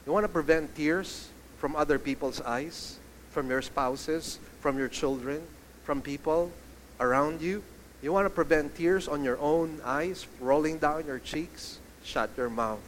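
An animated male pastor delivers a sermon, his voice sitting a little high for a man. He asks the congregation questions as he goes. A faint background hum of the room is heard behind him. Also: measured pace.

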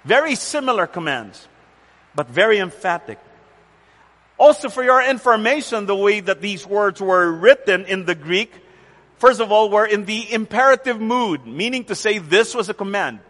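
A man preaching a sermon as pastor, deliberate and emphatic, repeating key phrases for weight. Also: sits high, expressive, a bit bright, long reverb tail. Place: church center with rain on the roof.

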